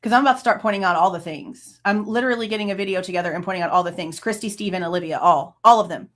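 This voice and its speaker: A woman's voice: on the low side, rapid-fire, a bit bright. A woman in her late thirties, hosting a true crime channel, ranting with heated, profane exasperation. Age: late 30s. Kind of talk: angry reaction rant.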